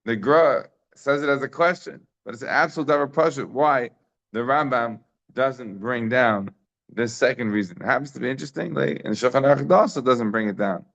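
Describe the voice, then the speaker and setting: Male Talmud teacher, emphatic, rhetorical, mid-pitched, dull lo-fi recording. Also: vocal fry, fairly bright tone. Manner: emphatic, rhetorical questions, quick Hebrew and Yiddish terms. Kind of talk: daily Talmud lesson.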